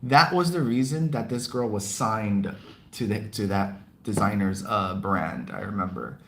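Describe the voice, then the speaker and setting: A man's voice: fairly low pitch, expressive, a little slow, fairly bright tone. A man hosting a livestream podcast in a casual, talkative way. He laughs often and answers viewers' comments as he goes.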